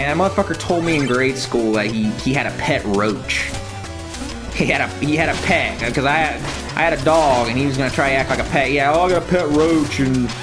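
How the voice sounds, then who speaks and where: Cursing streamer man, animated storytelling rant, wide swooping pitch, game music playing behind. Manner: profane, animated storytelling with mocking impressions. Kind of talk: ranting casual talk to viewers. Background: video game music.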